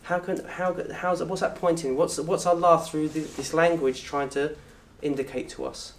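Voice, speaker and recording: A man's voice: fairly high pitch, normal speed. Southern English man teaching in an echoey room. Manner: lively, asks the audience questions and acts out little scenes. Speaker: Arabic course teacher. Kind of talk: lecture to an open day audience. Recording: roomy echo from a distant mic.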